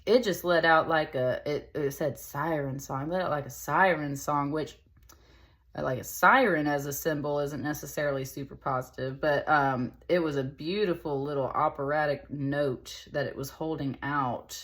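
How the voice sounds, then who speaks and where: A woman's voice: deep voice, steady tone, moderate pace, fairly bright tone. A woman giving a casual tarot reading, chatty and rambling, with lots of fillers. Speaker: tarot reader.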